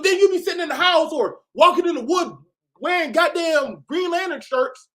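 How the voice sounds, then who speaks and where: A man hosting a reaction video, talking casually and profanely, often bursting into shouts. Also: extremely high pitch, expressive, moderate pace.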